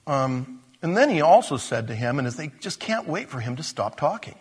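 A man preaching a sermon, animated, moving between loud emphatic lines and low, slow ones. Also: breathy edge.

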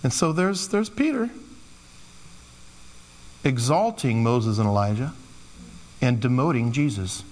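A man's voice: mid-range voice, animated, unhurried, long pauses, darkish tone. A man preaching a sermon in a loose, conversational way, slipping into playful quoted asides. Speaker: pastor. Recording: long hall reverb.

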